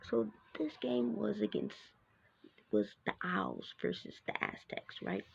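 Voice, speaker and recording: A woman's voice: mid-range voice, wildly swooping pitch, a little slow, creaky, husky, dull audio. A woman hosting her own basketball show, chatting casually through a sports recap with lots of fillers and asides.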